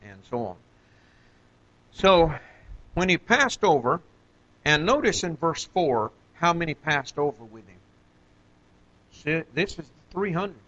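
A man leads an informal Bible study in a medium-pitched, sharp-toned voice, speaking conversationally with many fillers and questions to his listeners. The recording is dull and lo-fi.

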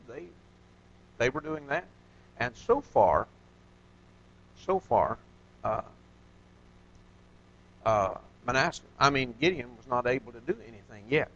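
A man's voice: medium pitch, fairly bright tone. A man teaching an informal Bible study, talking conversationally with many fillers and questions to his listeners. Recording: dull lo-fi recording.

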